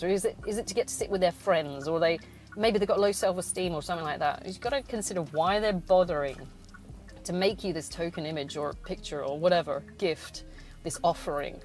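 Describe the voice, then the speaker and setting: A woman talks from inside a car in a loose, candid monologue, blunt and full of swearing, laughing often between thoughts. Her pitch is mid-range, and music plays in the background. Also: a little mellow, low-quality recording. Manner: blunt and sweary, laughs often, mimics others in sing-song voices. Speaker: podcast host. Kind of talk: casual monologue.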